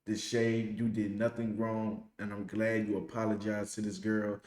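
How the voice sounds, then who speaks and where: A man's voice: fairly low pitch, little pitch movement, normal speed, a little mellow, echoey room, a little hiss or hum. A man hosting a reaction video, giving blunt, profane, mocking commentary. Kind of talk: heated commentary.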